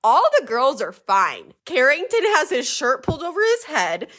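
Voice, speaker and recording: A young woman chatting on a podcast, with a bright, lively voice that swings around a lot. She recaps a reality dating show and drops into lower voices to quote the cast. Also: normal speed. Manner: animated, quoting people in lowered voices. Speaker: podcast co-host.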